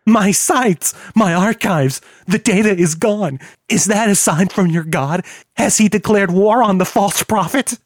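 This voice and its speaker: A man's voice: mid-range voice, no room sound, studio quality, lightly acted. A man doing a ranting, bitter hacker. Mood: screaming. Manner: hissing, ranting, drawn-out bitter outbursts. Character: volatile heavyset male hacker, bitter, profane.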